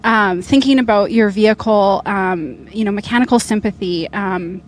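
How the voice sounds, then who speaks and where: A woman's voice: medium pitch, normal speed. A young woman, a rally competitor, speaking in a casual interview with an upbeat, chatty manner and lots of fillers. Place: outdoors at an event finish line.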